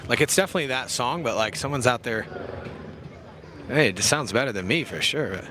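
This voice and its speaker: Crowd noise fills the noisy background as a young commentator with a medium-pitched voice and lively intonation calls an outdoor youth football game at normal speed. He stays casual, slangy and jokey, often poking fun at himself.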